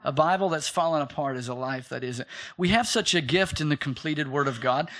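A man's voice: fairly high pitch, brisk. A male pastor in his thirties preaching a sermon, telling stories with acted-out quotes and calling on the congregation to repeat after him. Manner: animated storytelling with acted quotes, calls for congregation response.

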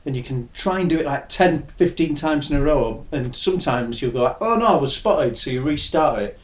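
Give me a young man in relaxed, chatty talk, recorded with echo. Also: mid-range voice, a little fast. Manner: chatty, laughs often, swears casually. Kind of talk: casual chat. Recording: echoey room.

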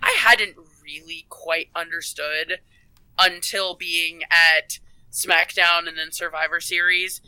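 Bright, excited man gushing on a podcast. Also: a little high, slow pace, smooth, no room sound, low-quality recording. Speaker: podcast panelist. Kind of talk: casual chat.

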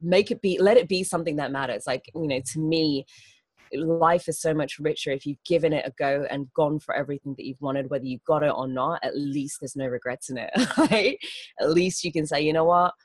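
A woman's voice: deep voice, a little fast, darkish tone, breathy edge, no room sound. Bubbly woman with a mixed international accent. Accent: mixed international, partly American and Australian. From Turks and Caicos Islands. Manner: bubbly, laughs often, theatrical. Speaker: guest, event organizer. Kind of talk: casual interview chat.

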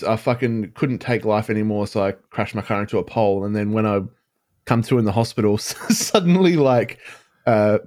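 A man with a fairly low voice joins a casual podcast chat. He talks bluntly and swears freely while he banters. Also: darkish tone. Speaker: podcast co-host.

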